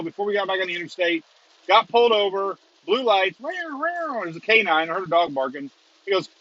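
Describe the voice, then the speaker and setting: Male storm-chase stream host, rambling and chuckling, talking from a car, slightly high voice, dull lo-fi sound. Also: sharp tone. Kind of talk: casual live chat while driving. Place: inside a moving car.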